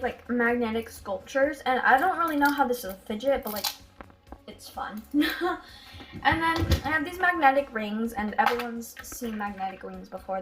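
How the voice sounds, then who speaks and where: A female vlogger chatting excitedly through a casual show-and-tell of her toy collection, with giggles and gasps along the way. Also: sits high, background noise.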